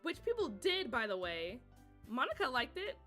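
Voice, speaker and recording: A woman's voice: high voice, huge pitch swings, normal speed, sharp tone, faint music behind, full character voice. A woman voicing a feisty, prickly teen girl club member, reading game dialogue aloud with snappy, indignant retorts.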